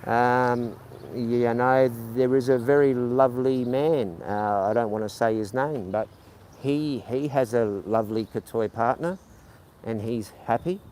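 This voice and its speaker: Walking city streets with faint street noise behind him, a man with a stutter hosts a casual livestream in a medium-pitched, darkish voice at a measured pace. He rambles with many ums and snaps back at his chat sarcastically.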